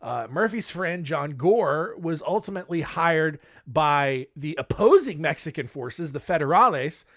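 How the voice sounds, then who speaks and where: A man's voice: a little high, lively intonation, a little slow, few pauses, a bit bright. A man hosting a casual history podcast, jokey and rambling, with many filler words. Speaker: podcast host.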